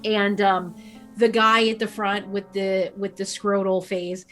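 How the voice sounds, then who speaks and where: Slow, rambling woman game master. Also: medium pitch, level tone, fairly bright tone, faint music behind. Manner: rambling, full of fillers. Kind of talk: narrating a tabletop game.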